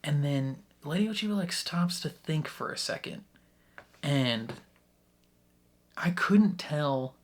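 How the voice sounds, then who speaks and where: A man hosting a casual reaction video, rambling excitedly with frequent laughs and restarts. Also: mid-range voice. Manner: excitable, laughs often between thoughts; rambling with many restarts and fillers. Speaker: YouTube reaction host.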